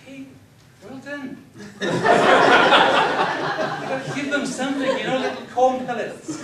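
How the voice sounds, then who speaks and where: A man's voice: very high-pitched, very noisy. Joking northeast English man in a hall. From northeast England. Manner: joking, storytelling, quizzes the crowd. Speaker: motivational business speaker. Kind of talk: humorous keynote talk to a live audience. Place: large hall with a live audience. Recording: roomy hall recording from a distance.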